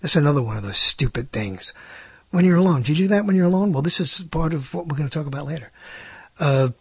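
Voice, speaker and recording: A man's voice: on the high side, expressive, fast, slightly rough, dry recording. A man hosting a live internet radio talk show, rambling and hesitant, with self-mocking asides.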